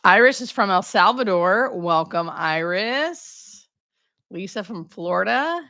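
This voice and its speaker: With a mid-range, expressive voice, a slow pace and a sharp tone, a woman in her thirties hosts a casual live Q&A. She's a hospice nurse who greets viewers by name and chats with self-deprecating asides.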